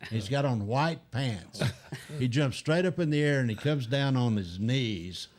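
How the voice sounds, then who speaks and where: An older man telling animated anecdotes as a guest in a casual chat, acting out other people's lines. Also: mid-range voice, a little slow.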